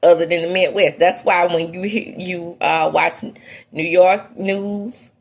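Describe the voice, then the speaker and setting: A woman hosting an entertainment gossip show, giving her opinions in casual, outspoken commentary that swings from low asides to high exclamations. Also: steady tone, measured pace.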